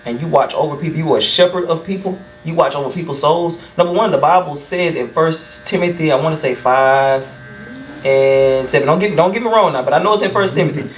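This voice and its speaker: A young adult barber hosts a podcast from his shop, speaking briskly in a high voice as he sincerely explains his personal take on things. The distant mic adds a roomy sound and a little hiss or hum, and he often says "you know what I'm saying."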